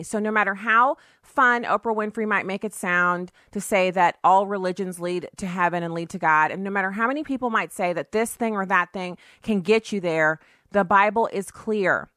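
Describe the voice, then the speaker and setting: A woman hosts a talk show in a dry, close-miked studio sound. Her voice sits at a middle pitch. She talks in an emphatic, chatty way, slipping into preachy asides. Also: normal speed, sharp tone, no echo. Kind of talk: opinionated talk radio monologue.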